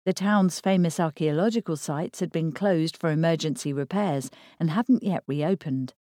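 A woman narrating a thriller novel in a steady, measured read. Her voice sits low and sounds mellow and warm, recorded close and dry with no room echo. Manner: measured, even storytelling. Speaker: audiobook narrator. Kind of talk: scripted narration.

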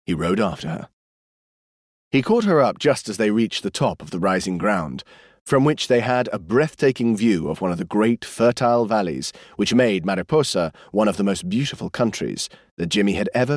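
Expressive low-voiced male audiobook narrator. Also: no room sound, clean studio sound. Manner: expressive, measured storytelling. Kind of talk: scripted narration.

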